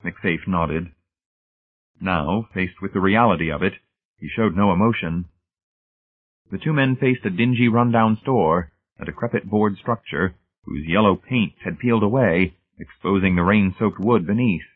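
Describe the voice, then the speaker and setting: A man with a very deep voice narrates a novel in a steady, measured way. The sound is thin and band-limited, like it's coming through a telephone. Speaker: audiobook narrator. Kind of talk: scripted narration. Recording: tinny phone-like band.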